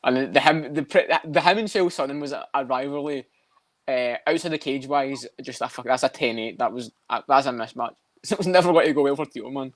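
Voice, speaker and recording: A man's voice: medium pitch, a little fast, no echo. A man co-hosting a casual podcast, swearing often and laughing as he rambles. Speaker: podcast co-host. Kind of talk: casual chat about MMA.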